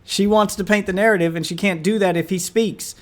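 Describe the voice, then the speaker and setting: Mocking male streamer, fairly high voice. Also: steady tone, quick pace. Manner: mocking, scornful, talks back at the screen. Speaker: streamer reacting to live streams. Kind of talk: live stream commentary.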